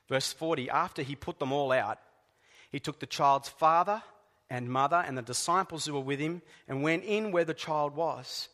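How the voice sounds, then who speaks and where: A man preaching a sermon in a deliberate, emphatic way, dropping to soft, hushed words at times. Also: a little high, big-room sound. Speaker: pastor.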